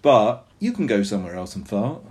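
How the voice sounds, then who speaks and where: Co-host, jokey and laughing, pitch swings a lot. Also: very animated, brisk, a little mellow. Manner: laughing, joking, self-mocking. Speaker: podcast co-host. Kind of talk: casual chat.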